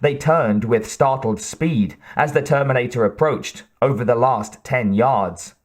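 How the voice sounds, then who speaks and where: Guy reading an audiobook, really slow and steady, mid voice, calm even delivery. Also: medium pitch. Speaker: audiobook narrator. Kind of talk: scripted narration.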